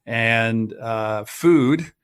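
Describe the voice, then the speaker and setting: A man's voice: mid-range voice, very slow, clean tone. A middle-aged man hosting an interview, enthusiastic and encouraging, asking probing questions. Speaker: podcast host. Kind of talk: casual interview.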